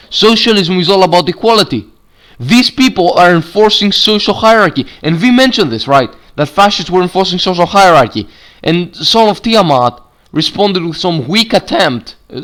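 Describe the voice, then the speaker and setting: A man's voice: on the high side, fairly bright tone. A man delivering a heated, argumentative video rant, swearing and reading passages aloud with frequent stumbles and restarts. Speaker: YouTube commentator.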